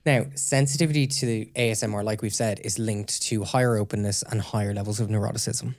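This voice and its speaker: A man with a low, gravelly voice walks his co-host through research findings in relaxed podcast chat. He explains things steadily and checks in often to make sure she is following. The sound is dry and close. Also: a little fast, no echo.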